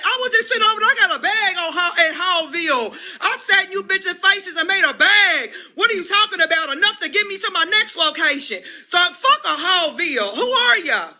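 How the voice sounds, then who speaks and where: Very high, excitable American woman storyteller. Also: normal speed. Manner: excitable, profane, shouting and laughing. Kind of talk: live-stream storytelling.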